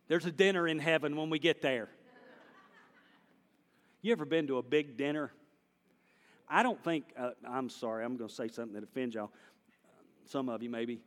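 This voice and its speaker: A man preaching a sermon, swinging between hushed and loud passages. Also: on the high side, moderate pace, long pauses, in a large hall. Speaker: pastor.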